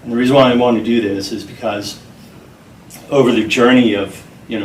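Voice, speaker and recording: A middle-aged man with a fairly low voice talks in a sincere, deliberate way. The sound is roomy and echoing, with the mic set some way off. A faint hiss sits under his voice. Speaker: interview guest, program founder. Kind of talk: earnest conversational interview. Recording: echoey room, mic at a distance, faint noise.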